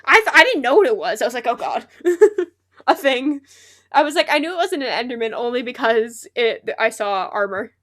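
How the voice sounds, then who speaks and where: Her slightly high voice has a fairly bright tone, lively intonation and a brisk pace. The young woman is chatting casually while playing a game on a live stream, chatty and often laughing at her own lines.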